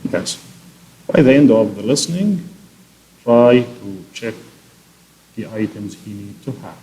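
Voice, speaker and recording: A man's voice: fairly low pitch, expressive, measured pace, warm tone, slight background noise, rough recording. A man teaching a class, walking through answers one by one with filler words. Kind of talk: classroom instruction.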